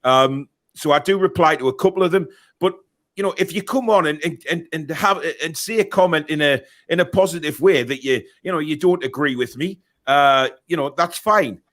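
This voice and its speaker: A man's voice: a little high, moderate pace, a bit bright. A middle-aged man, hosting a casual football show and reading out viewer comments in a rambling, chatty way. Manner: rambling, chatty, many restarts. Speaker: podcast host.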